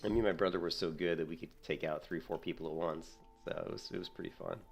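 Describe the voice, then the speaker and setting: A man chatting casually while gaming, telling animated stories and jumping up high when he quotes himself. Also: fast talker, gravelly, faint music behind. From United States. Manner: storytelling, jumps high when quoting himself. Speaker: gaming streamer.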